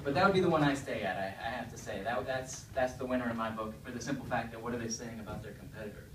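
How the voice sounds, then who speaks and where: A man's voice: mid-range voice, fast. A man doing a stand-up set in a conversational, chatty way and often asking the crowd questions. He sounds far from the mic, in a roomy, echoey club with a faint hiss behind him. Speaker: stand-up comedian. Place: comedy club stage. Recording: echoey room, distant mic, faint noise.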